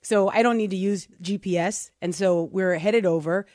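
A middle-aged woman co-hosts a casual talk show and tells a self-deprecating story with plenty of animation, often laughing mid-sentence. Her voice sits at a medium pitch. It is recorded dry and close, with no room sound. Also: normal speed, darkish tone, dry recording. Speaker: co-host.

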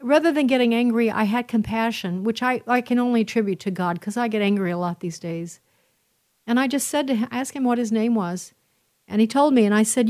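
Woman, host, casual monologue, emphatic repetitions, slightly high pitch. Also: brisk. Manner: animated storytelling, emphatic repetitions.

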